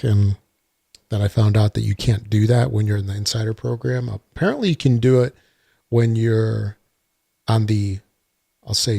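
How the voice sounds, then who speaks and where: A podcast host rambles through a casual solo gaming podcast, full of uhs and touched with dry sarcasm. His voice is lowish, creaky, and a little mellow, recorded dry on a desktop computer mic.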